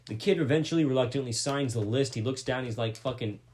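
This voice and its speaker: A young man spins a long story for his podcast co-host, talking loosely and swearing as he goes. His voice sits in an ordinary middle register. The delivery is relaxed and rambling. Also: mid-range voice, fast talker. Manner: rambling, profane, animated retelling. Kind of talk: casual storytelling chat.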